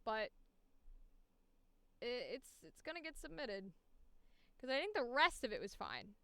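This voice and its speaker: Woman voice actor, smooth and fairly high, casual stream chatter between takes. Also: very animated, a little slow, fairly bright tone, no echo. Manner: casual, chatty, self-critical. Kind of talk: live-streamed audition session.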